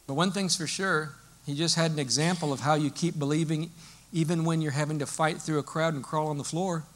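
A male pastor preaching a sermon in a lively, storytelling way, explaining as he goes. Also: fairly high pitch, brisk.

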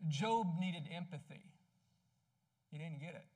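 A man preaching a sermon in a conversational way, asking his congregation questions and dropping soft and low when he tells personal stories. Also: animated, a little slow. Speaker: pastor.

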